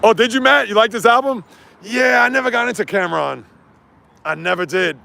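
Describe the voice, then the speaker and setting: A man hosting a casual sports livestream outdoors while walking, ranting and reading chat comments in an animated way. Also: sits high, brisk, gravelly.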